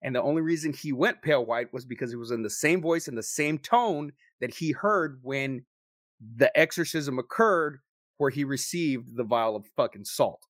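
A young man telling a story to friends in a casual, profane, animated way, acting out what people said. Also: medium pitch, normal speed, no echo, studio quality. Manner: profane, animated storyteller who acts out quotes. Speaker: paranormal investigator telling a story.

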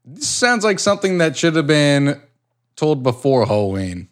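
A man co-hosting a casual podcast, jokey and quick to slip into goofy voices. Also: a little high, big pitch swings. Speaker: podcast co-host.

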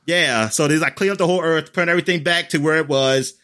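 A man in casual chat, recapping an episode in a rambling way with lots of fillers and lively quoted lines. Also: fairly high pitch, fast.

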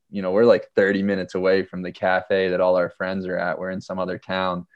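A man from Pennsylvania telling a hiking story in a casual, animated way, acting out the lines of people in it and using lots of fillers. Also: deep voice, a little fast, hardly any pauses, no room sound, muffled recording. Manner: animated, acts out quotes, many fillers.

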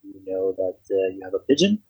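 A man's voice: low voice, big pitch swings, a little fast, breathy edge, dull audio. A man narrating as game master in a casual tabletop game, laughing and swearing freely.

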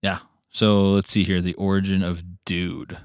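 Man, fairly low voice, blunt joking podcast co-host, dry close studio sound. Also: flat delivery, a little slow, clear, resonant tone, no echo. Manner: blunt, jokey, reads bits aloud, laughs a lot. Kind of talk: casual chat.

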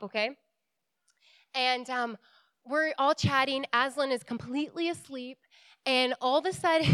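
A young woman telling a story in a casual, animated way, laughing often and full of likes and ums. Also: high voice, smooth, no echo.

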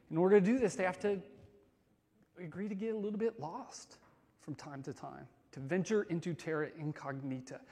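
Lively man preaching in an echoing hall. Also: a little high. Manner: conversational, lively swings between loud and soft. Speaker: pastor. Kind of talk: sermon.

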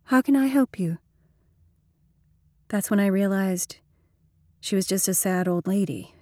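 A woman's voice: on the low side, dark tone, no room sound, clean studio sound. A woman reading a first-person audiobook in a wry, slangy, conversational voice. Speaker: audiobook narrator.

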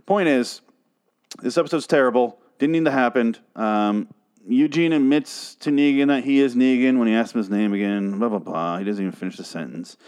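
A man's voice: mid-range voice, fairly quick, darkish tone, clean tone. Annoyed guy ranting on his podcast, cussing, sarcastic and fed up. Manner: profane, exasperated, sarcastic. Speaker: podcast host reviewing a TV show. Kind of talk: ranting solo podcast review.

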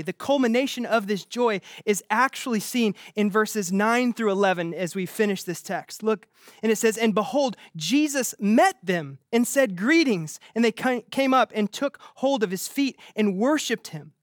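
A man preaching an earnest, emphatic sermon as pastor, with quick restarts. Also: sits high, dry recording, studio quality.

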